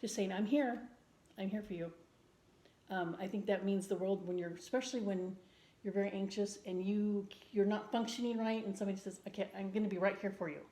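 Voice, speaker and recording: A woman vlogger in casual chat, speaking earnestly and gently with frequent ums and restarts. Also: mid-range voice, steady tone, brisk. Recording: roomy indoor echo.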